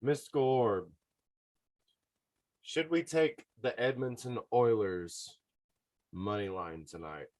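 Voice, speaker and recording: A man hosting a podcast, giving sports betting picks in an excitable, casual way and talking straight to his listeners. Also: lowish voice, takes it slowly, dry recording, studio quality. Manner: excitable, talks to listeners directly. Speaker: podcast host.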